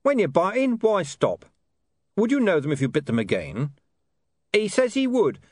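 Male reader doing a rambling street interpreter, pitched way up, dry close sound. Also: wildly swooping pitch, moderate pace, a little mellow, dry recording, heavily acted. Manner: rambling, hunting for words. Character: gravelly street man interpreting for a dog.

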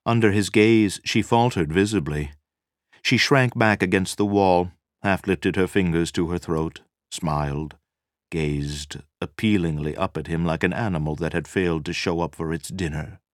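A man reading a novel aloud as narrator, measured and dramatic. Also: low-pitched, no echo, clean studio sound. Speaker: audiobook narrator. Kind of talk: scripted narration.

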